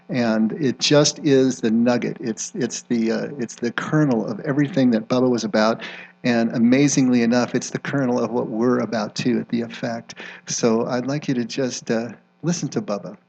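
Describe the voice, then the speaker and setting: A man's voice: mid-range voice, creaky, a little mellow. A man, a pastor and co-founder, introducing a recorded tribute to his late partner in a reflective, conversational way. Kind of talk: sermon introduction.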